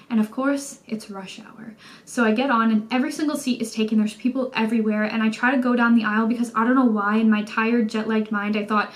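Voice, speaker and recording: A woman's voice: on the high side, fast talker. Chatty Canadian woman telling a story. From Canada, Toronto. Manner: chatty, animated storytelling, many "like" fillers. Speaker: vlogger. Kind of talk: casual storytime vlog. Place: indoors at home by a window.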